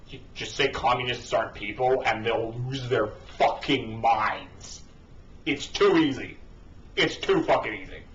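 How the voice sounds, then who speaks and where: A man of middle pitch reads an article aloud and keeps cutting in with scornful, swearing rants. His voice sits back from a cheap microphone, so it comes through muffled and dull. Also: a bit bright. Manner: sarcastic, profane, ranting. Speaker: online commentator. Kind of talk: reading an article aloud with mocking asides. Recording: dull distant lo-fi home mic.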